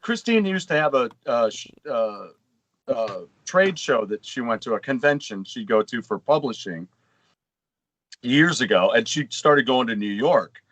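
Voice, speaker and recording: A man's voice: medium pitch, animated, unhurried, fairly bright tone, dry recording, low-quality recording. A middle-aged man co-hosting a gaming podcast, telling long rambling anecdotes in casual chat. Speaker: podcast co-host.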